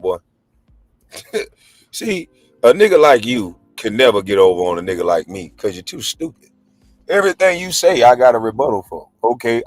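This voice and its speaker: Combative man with an animated, mocking voice. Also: fairly low pitch, dry recording. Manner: mocking, profane, combative, laughs scornfully. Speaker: livestream host, former pro basketball player. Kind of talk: heated casual rant.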